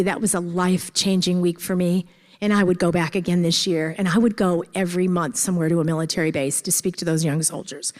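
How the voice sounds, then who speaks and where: A woman's voice: mid-range voice, darkish tone. A woman giving an earnest personal talk at a conference, repeating phrases for emphasis. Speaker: conference speaker. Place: large conference hall. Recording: echoey hall.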